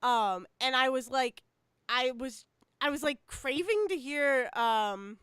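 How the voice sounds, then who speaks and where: A woman's voice: high-pitched, animated, unhurried, a bit bright, clean tone, no echo. A woman co-hosting a podcast in casual chat, chatty and laughing, with lots of fillers. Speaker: podcast co-host.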